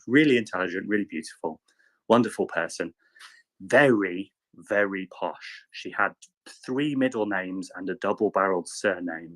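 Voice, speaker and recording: A man in casual chat, telling a rambling anecdote with lively quoted voices. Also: sits low. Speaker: panelist.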